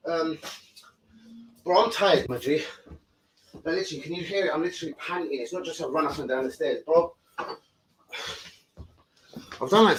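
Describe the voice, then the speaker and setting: A man's voice: fairly high pitch, background noise. A young man, swearing and rambling in casual slang as he chats on a live stream from home into his phone. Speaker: football fan streamer.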